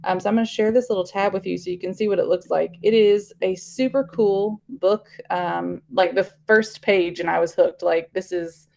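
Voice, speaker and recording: A woman runs a casual online teaching workshop. Her voice sits at an ordinary middle pitch and carries a gravelly, fry-touched edge. She talks in a chatty, rambling way, full of fillers and restarts. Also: normal speed, few pauses, darkish tone. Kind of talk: casual live online presentation.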